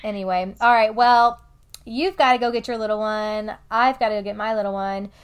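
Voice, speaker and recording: A young woman co-hosting a podcast, telling family stories in a chatty, animated way with acted-out quotes. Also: medium pitch, fairly quick, smooth. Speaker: podcast co-host. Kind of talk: casual chat.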